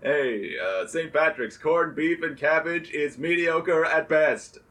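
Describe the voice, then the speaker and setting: A man's voice: fairly high pitch, slow, distant mic. A man co-hosting a comedy podcast, telling crude roast jokes in loose, laughing banter. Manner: loose and laughing, drifts into shouted mock voices.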